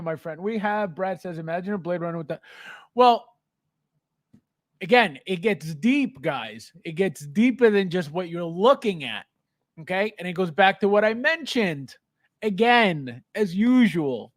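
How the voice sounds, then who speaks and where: A man hosting a casual livestream, greeting viewers by name, animated and quick to laugh. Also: high voice, no room sound, clean studio sound. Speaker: livestream host.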